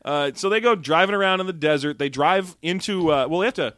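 A podcast co-host talks through a movie's plot in a lively, mocking tone, tossing in quick asides. His voice sits a little high for a man. The sound is dry and close, with no room around it. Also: no room sound. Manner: animated, sarcastic recapping with quick asides. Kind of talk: casual movie-riff podcast chat.

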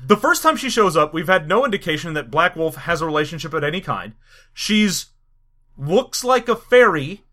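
A man's voice: on the high side, very animated, normal speed, sharp tone. A man co-hosting a casual film review chat, blunt and exasperated, swearing and acting out dialogue. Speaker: podcast co-host reviewing a film.

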